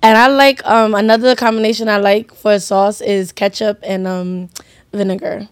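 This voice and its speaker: A woman's voice: medium pitch, fairly even intonation, normal speed, clean tone, no room sound. Slangy young woman podcast co-host, dry sound. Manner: blunt, joking, heavy casual slang. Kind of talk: casual chat.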